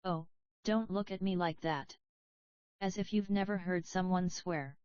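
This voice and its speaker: A woman's voice: on the low side, a little slow, clean tone, no echo, close to an everyday voice. Feisty older grandmother, read by a woman. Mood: brusque. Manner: brusque, excitable. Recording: slightly dull, dry recording.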